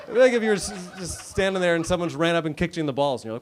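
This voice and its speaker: Against a noisy background of audience laughter, a comedian in his thirties from the United States talks at a quick pace in a voice on the high side. His comedy-club set is wry, conversational and self-deprecating.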